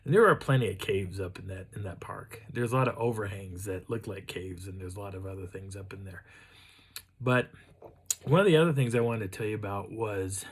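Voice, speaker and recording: A man with a husky, slightly breathy voice pitched on the low side. He tells a casual story to the camera and wanders as he goes, often restarting sentences and filling gaps with ums and uhs. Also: a little fast. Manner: rambling, with frequent restarts and fillers. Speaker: channel host.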